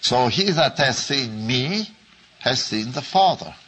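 Male religious teacher, very slow and deliberate delivery, mid-pitched voice, repeats key phrases. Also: expressive, pushed and bright, a little hiss or hum, rough recording. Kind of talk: slow explanatory Bible talk.

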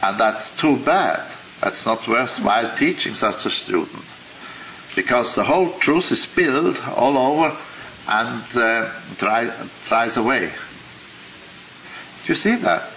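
Slow, deliberate male lecturer. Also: medium pitch, expressive, bright, forceful tone, slight background noise, poor audio. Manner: deliberate and halting, with rhetorical questions. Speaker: teacher of a religious class. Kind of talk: classroom lecture.

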